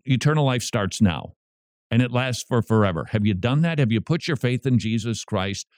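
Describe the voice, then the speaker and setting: A man's voice: mid-range voice, lively intonation, normal speed, dry recording, clean studio sound. A man hosting a radio show, preaching with emphatic, repeated lines. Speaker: radio host.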